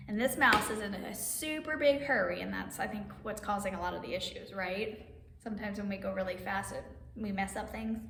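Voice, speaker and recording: A woman's voice: fairly high pitch, moderate pace, creaky, pushed and bright. A woman hosting a children's story time, teaching simple signs and reading aloud in a cheerful, sing-song way. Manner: cheerful, sing-song, addresses kids as friends. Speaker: story time host teaching sign language. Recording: roomy echo, mic at a distance, faint background noise.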